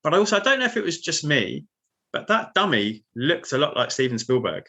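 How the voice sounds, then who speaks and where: Bright-voiced sarcastic man. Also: a little high, big pitch swings, brisk. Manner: dry, sarcastic remarks. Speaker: podcast guest. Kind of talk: casual film review chat.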